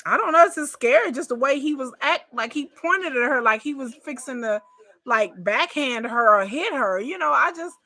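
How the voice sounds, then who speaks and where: A woman's voice: high voice, lively intonation, normal speed, bright, forceful tone. A woman giving casual reaction commentary on a reality show, chatty and repetitive, swearing and talking straight to her viewers. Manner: chatty, repeats herself, swears, addresses viewers as y'all.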